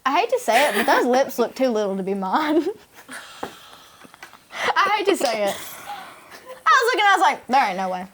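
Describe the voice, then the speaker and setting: A woman's voice: high voice, sing-song, normal speed, pauses often, noisy background. A young woman with a Tennessee Southern accent, hosting a casual chat with friends and telling crude, laughing stories. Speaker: podcast host.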